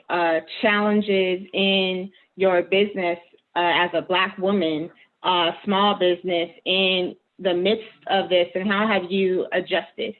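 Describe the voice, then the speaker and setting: A woman hosting a community interview, asking her questions slowly with frequent "um"s. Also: mid-range voice. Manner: measured questions with many fillers. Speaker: host, interviewer. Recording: tinny phone-like line.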